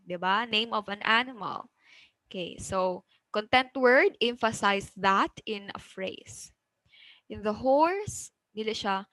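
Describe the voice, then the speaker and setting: A woman teaching an English pronunciation lesson with a Cebuano Filipino accent. She mixes English with Cebuano, often checks in with "okay?" and slows down to stress example words. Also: mid-range voice, pushed and bright, dry recording, low-quality recording.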